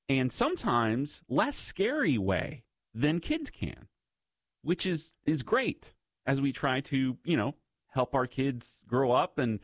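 Lively, expressive male radio host. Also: mid-range voice, no echo. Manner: conversational and reflective, speaking to listeners. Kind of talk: faith-based radio talk segment.

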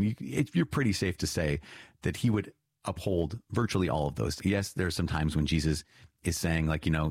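A man with a very low, slightly husky voice walks listeners through a catechism reading. He explains earnestly and repeats key points with emphatic lifts. The sound is dry and close. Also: no echo. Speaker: priest teaching the Catechism. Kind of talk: spoken teaching commentary on a reading.

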